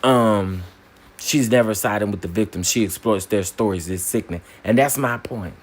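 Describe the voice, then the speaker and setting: Emphatic husky-voiced man commentating. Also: fairly low pitch, moderate pace. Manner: animated, emphatic, repeats phrases for punch. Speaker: commentary channel host. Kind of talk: casual opinion commentary.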